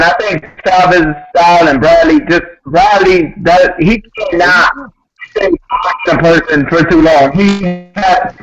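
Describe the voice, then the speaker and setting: A man giving blunt, excitable boxing opinions, swearing casually. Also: a little high. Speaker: guest analyst. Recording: lo-fi call with loud crowd behind.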